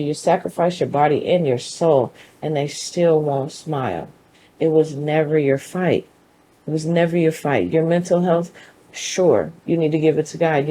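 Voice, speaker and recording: A woman with a lowish, mellow voice talks straight to the listener in a motivational monologue. She is emphatic and conversational, with a preachy edge. Her tone stays relaxed and warm even as she drives her points home. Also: slight background noise, low-quality recording. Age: adult mother. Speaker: show host.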